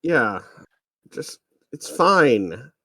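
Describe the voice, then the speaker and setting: A man's voice: mid-range voice, sing-song, extremely slow, a bit bright, no room sound. Hesitant man flying in a game. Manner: hesitant, focused on the controls. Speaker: game player piloting. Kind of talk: casual gaming chat.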